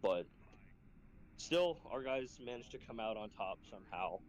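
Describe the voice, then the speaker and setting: A man's voice: measured pace, slight background noise, low-quality recording. A man telling a training story in casual, profane chat, acting out quotes with sudden jumps in his voice. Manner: profane, animated, acts out quotes in a high voice. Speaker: Marine instructor telling a war story.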